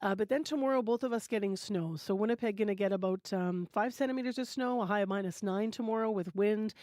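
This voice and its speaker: Woman, morning radio host, casual, dry studio sound, mid pitch. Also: quick pace, dry recording. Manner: relaxed, filler-heavy delivery. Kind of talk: live radio hosting and weather. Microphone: studio microphone.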